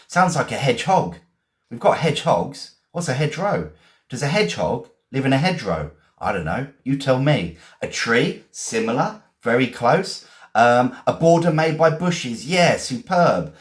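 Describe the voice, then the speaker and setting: A man from England, teaching vocabulary on a live stream, spelling words out and praising learners. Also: medium pitch. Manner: encouraging, repeats and spells words. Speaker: English teacher.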